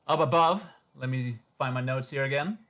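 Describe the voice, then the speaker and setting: A man narrating as game master of a tabletop game, relaxed, with frequent fillers. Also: medium pitch, normal speed.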